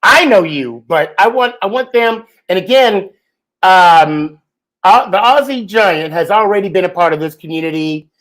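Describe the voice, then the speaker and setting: A man with a fairly high voice hosts a podcast in a loose, chatty way. He jokes along and fills his pauses with "um" and "uh" as he talks to his guest. It sounds like casual talk from home. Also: expressive, a bit bright, rough recording. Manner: chatty and joking, lots of fillers. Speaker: podcast host.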